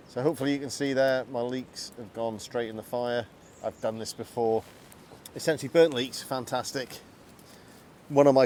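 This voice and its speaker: In this clip a man hosts an outdoor cooking vlog in the woods, chatting casually and poking fun at himself as he walks through every step. His voice is mid-range and mellow, with slight noise in the background.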